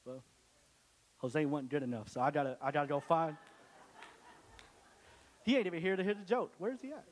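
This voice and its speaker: Young man, church testimony, casual and joking, slightly higher voice, long hall reverb. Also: normal speed. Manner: casual, joking, many restarts. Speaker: church speaker giving testimony. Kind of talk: testimony to a congregation.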